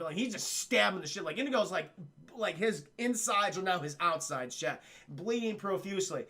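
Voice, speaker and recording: Animated, swearing young man recapping a film. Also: on the high side. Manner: animated, swears a lot, acts out lines in quick put-on voices. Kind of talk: profane comic film recap to live chat.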